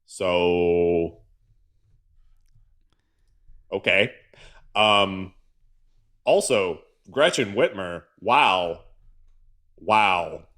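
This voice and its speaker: A man's voice: low voice, expressive, very slow, pauses often, a bit bright. A man from the American South co-hosting a political livestream, ranting with sarcastic exasperation. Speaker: co-host. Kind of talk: political commentary rant.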